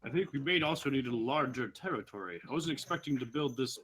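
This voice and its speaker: Eager male player, lively pitch. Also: fast. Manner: eager, asks questions, laughs readily. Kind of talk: casual tabletop play.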